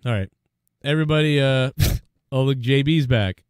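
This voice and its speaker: A man's voice: mid-range voice, normal speed, clear, resonant tone, no echo, studio quality. Profane Boston man hosting a chat show. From Boston area, USA. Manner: profane, rambling, excitable. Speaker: show host. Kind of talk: casual podcast chat.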